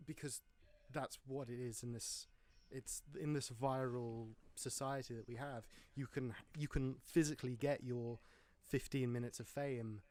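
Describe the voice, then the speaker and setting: A man's voice: medium pitch, steady tone, a little slow, few pauses, a little mellow. A man hosting a casual film podcast, talking in a chatty, rambling way with wry jokes. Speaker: podcast host.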